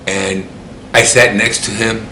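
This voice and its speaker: Man, personal storytelling, rambling, repeats himself, lowish voice, echoey room, faint ambience. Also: level tone, slow, sharp tone, a little hiss or hum.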